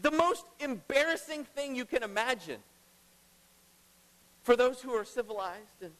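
Pastor guy preaching, kinda high voice, big echoey hall. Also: measured pace. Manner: emphatic, swings between loud and hushed. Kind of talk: sermon. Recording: long reverb of a large hall.

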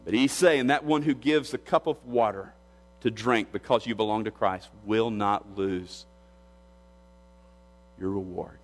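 A male pastor preaching a sermon with emphasis, repeating phrases and lifting his pitch on key words. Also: unhurried, long pauses. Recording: long hall reverb.

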